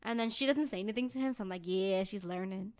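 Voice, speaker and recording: A young woman co-hosting a podcast, telling a story in a blunt, animated, profane way. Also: a little high, rapid-fire, clear, resonant tone. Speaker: podcast co-host. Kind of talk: casual podcast chat.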